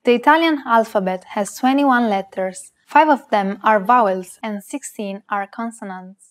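A woman co-hosting a scripted language lesson. She says example words slowly and carefully so that learners can repeat them. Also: on the high side.

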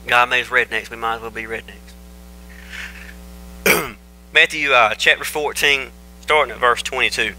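Male pastor, very bright tone, easygoing joking sermon delivery. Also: mid-range voice, measured pace, long pauses, a little hiss or hum, rough recording. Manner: folksy, joking, conversational storytelling. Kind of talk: casual folksy sermon. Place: church sanctuary. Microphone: microphone.

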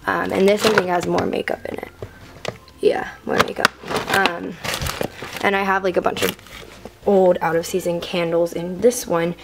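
A woman's voice: lowish voice, level tone, moderate pace, creaky, heavy background noise. A teenage girl giving a rambling, filler-heavy room-tour vlog to a handheld camera in her bedroom. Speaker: vlogger.

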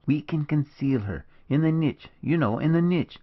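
A man's voice: on the high side, expressive, normal speed, lo-fi sound, voice pushed up. A man reading aloud, voicing a passionate, loyal young Spanish woman in an audiobook. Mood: pleading. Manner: pleading, rising and emotional.

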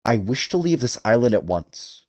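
A man's voice: medium pitch, very animated, normal speed, warm tone, no room sound, lightly acted. A man doing a firm, clipped male guest. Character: stern, guarded male hunter guest, young adult. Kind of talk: audiobook character voice.

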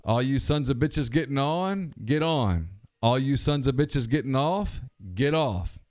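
A man voicing a little boy who plays train conductor in a joke, calling out stops slowly. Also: medium pitch, lively intonation, natural voice. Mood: announcing. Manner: slow, drawn-out announcer calls.

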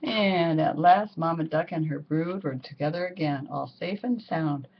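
A woman reading a children's picture book aloud, expressive and drawing out words for effect. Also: low voice, unhurried. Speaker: storybook reader. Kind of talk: children's story read-aloud. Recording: muffled lo-fi recording.

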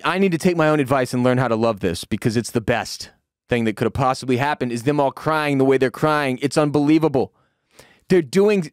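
A man hosting a sports podcast, ranting in a profane, heated way with shouted peaks, then dropping to a low, weary tone. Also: dry recording, clean studio sound. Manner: drops to low, weary tone when calming down. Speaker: podcast host. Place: home room with dogs.

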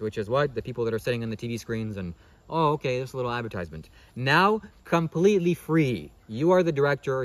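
Fast-talking man asking himself questions. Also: medium pitch. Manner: fast-talking, rhetorical questions, frequent "okay?". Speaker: spiritual vlogger. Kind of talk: rambling motivational monologue.

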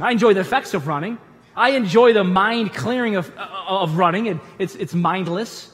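A man, a pastor, giving a conversational sermon in a church auditorium with animated storytelling and humorous asides. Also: high voice, moderate pace, big-room sound.

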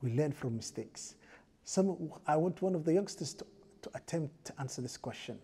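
A man's voice: fairly high pitch, lively intonation, normal speed, warm tone, breathy edge. A man giving a mosque lecture as imam, asking the audience rhetorical questions and chanting scriptural verses in a raised voice.

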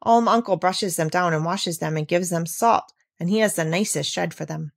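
A woman's voice: on the low side, moderate pace, creaky. Woman voicing an offhand young goatherd boy. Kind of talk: storybook read-aloud.

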